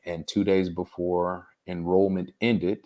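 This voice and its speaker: A man as an interview guest, telling a personal story in an earnest, unhurried way. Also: low-pitched, level tone, warm tone.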